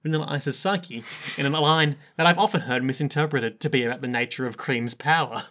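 A man's voice: medium pitch, a little fast, a bit bright. A young man co-hosting a casual podcast chat, joking and reading character lines aloud with some dramatic flair. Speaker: podcast co-host. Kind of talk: casual chat recapping an anime.

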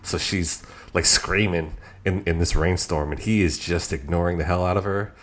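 A man with a very low, deep voice talks about comics with a fan's energy. He retells scenes eagerly and often laughs as he goes. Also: normal speed. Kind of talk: casual comic book discussion.

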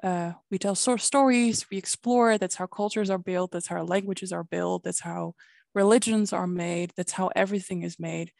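A woman from the Netherlands speaks as a podcast guest, with a gravelly edge to her lowish voice. The sound is dry and close, and she talks in a reflective, earnest way. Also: steady tone, normal speed, a little mellow, dry recording. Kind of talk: casual podcast chat.

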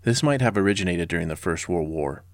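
Brief: a low-voiced man in his forties, a history podcast host, blunt and sarcastic, in a dry, close recording. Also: expressive, fast, dry recording. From Southern California. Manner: sarcastic and blunt, with casual personal asides.

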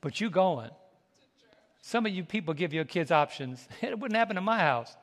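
A male pastor preaching a sermon, folksy and animated, calling out to the congregation and laughing between stories. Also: sits high, fairly quick, long reverb tail. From United States. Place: church sanctuary.

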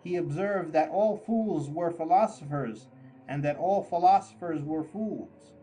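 A man narrating a story aloud in a measured, mock-grand storytelling manner. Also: on the high side, warm tone, faint music behind, poor audio. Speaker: audiobook narrator. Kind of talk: scripted narration.

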